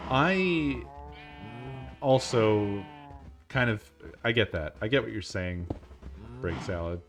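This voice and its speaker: Male streamer, low voice, casual rambling chat, laughs and swears, faint music behind. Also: expressive, drawn-out words, pauses often, a bit bright.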